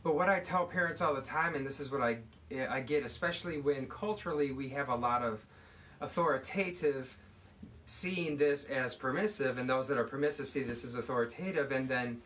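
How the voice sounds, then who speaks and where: A man guest expert discussing mindfulness and parenting in a measured, agreeable conversational way. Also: mid-range voice, a bit bright, distant mic, slight background noise. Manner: agreeable, affirms often, explains in a measured way. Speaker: guest expert on youth mental health. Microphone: video call.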